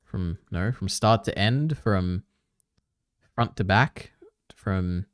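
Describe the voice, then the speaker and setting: A man's voice: low-pitched, slow, clean tone, no echo, studio quality. A man streaming casually, reading on-screen text aloud, trailing off and muttering to himself. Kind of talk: casual live-stream commentary.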